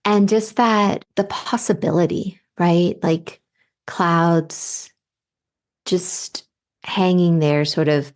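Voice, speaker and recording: Woman host, low gravelly voice, slow, soft-spoken intuitive reader. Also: steady tone. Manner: soft, unhurried, with light laughs. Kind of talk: slow, spiritual guidance reading.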